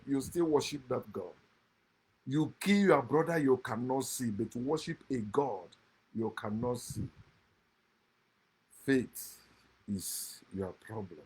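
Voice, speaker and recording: A man giving a passionate, mocking monologue on scripture, swinging from loud outbursts to low muttered asides. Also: a little slow, breathy edge. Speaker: online speaker critiquing scripture.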